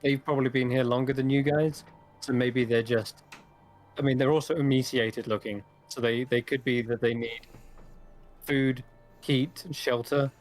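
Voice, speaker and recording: A man's voice: mid-range voice, fairly even intonation, normal speed, faint music behind. A man running a tabletop role-playing game as game master, describing scenes in detail and laughing easily.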